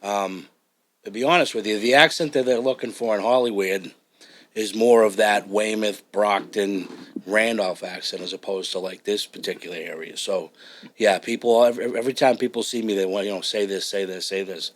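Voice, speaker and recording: A man's voice: on the low side, steady tone, normal speed. A man with a South Shore Massachusetts accent, a truck driver chatting as a podcast guest in a blunt, profane, joking way. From Massachusetts, USA. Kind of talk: casual chat.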